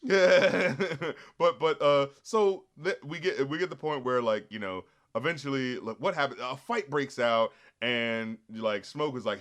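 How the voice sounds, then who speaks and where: A man hosting a casual spoiler review chat, animated and profane, acting out characters in quick quotes. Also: mid-range voice. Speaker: movie review show host.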